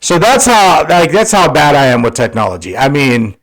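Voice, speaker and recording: A man's voice: on the high side, moderate pace, a bit bright, poor audio. Rambling, cussing podcast guy. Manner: rambling, profane, filler-heavy. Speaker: podcast co-host. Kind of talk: casual chat.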